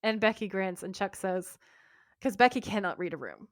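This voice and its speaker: A woman's voice: medium pitch, animated, normal speed, no echo, clean studio sound. A woman co-hosting a podcast, reading a TV episode recap aloud, acting out the lines and laughing as she goes. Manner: reads scene notes aloud, mimicking lines, laughing often. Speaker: podcast co-host.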